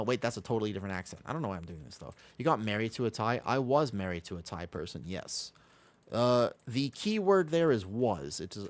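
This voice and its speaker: An American man from Los Angeles, chatting casually on a live game stream, reading out and answering viewer questions. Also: fairly low pitch. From Los Angeles, USA.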